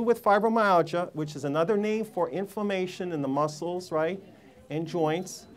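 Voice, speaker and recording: Emphatic man preaching to a seminar crowd. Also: high voice. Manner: emphatic, preachy, fires rhetorical questions at the crowd. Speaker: health seminar speaker. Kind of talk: live seminar talk to an audience. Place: room with a live audience.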